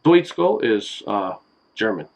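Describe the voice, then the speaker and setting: A man with a gravelly, creaky voice walks viewers through basic phrases in a laid-back home video. He talks unhurriedly and fills pauses with "uh" and "like," as if chatting with family. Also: on the low side, slight background noise, low-quality recording. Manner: relaxed, explains slowly with many fillers. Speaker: co-host explaining phrases. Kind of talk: casual home video lesson.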